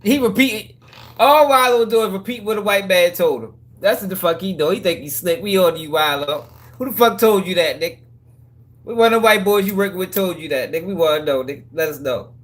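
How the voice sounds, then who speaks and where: A man's voice: high-pitched, expressive, a little fast, fairly bright tone. A man hosting a commentary channel, reacting to clips in a mocking, profane way with frequent laughs.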